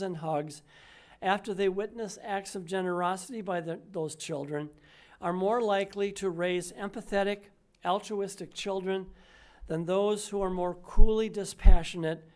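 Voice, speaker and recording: An older woman minister delivering a sermon, measured and emphatic, slowing down on key words. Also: mid-range voice, a little mellow.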